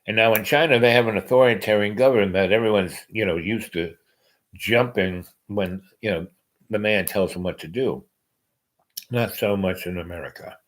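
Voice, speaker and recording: A man's voice: on the low side, normal speed, low-quality recording. A man hosting a podcast, talking in a meandering casual monologue with many fillers and restarts. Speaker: podcast host.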